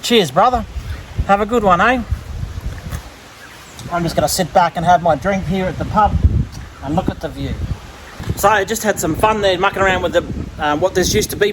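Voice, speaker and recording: A man's voice: sits high, a little fast, background noise. A man with an Australian accent, chatting casually as he vlogs at an abandoned island pub. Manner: relaxed, joking, chatty. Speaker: vlogger. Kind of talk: casual travel vlog.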